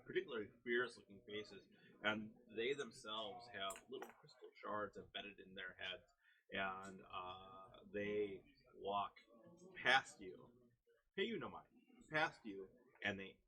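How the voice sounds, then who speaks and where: Low-voiced male game master. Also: bright, forceful tone, low-quality recording. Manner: halting, filler-heavy narration. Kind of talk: narrating a tabletop game.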